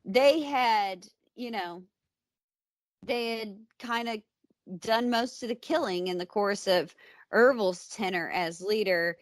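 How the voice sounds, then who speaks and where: American woman podcast co-host, mid-pitched, close and dry sound, casual blunt true-crime recap. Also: takes it slowly, dry recording. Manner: conversational, blunt, with fillers and asides.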